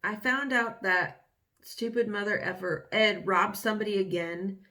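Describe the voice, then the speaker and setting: A woman's voice: mid-range voice, steady tone, a little slow, bright, forceful tone. Candid young woman reading her diaries. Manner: candid, wry, rambling with many fillers. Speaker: vlogger. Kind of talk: casual reading of old diary entries.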